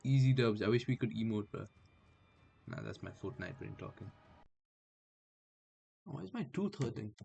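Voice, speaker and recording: A young man streaming gameplay, chatting casually and trash-talking enemies with sudden yells. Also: on the low side, very animated, moderate pace, vocal fry, long pauses, slight background noise. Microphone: headphones with mic.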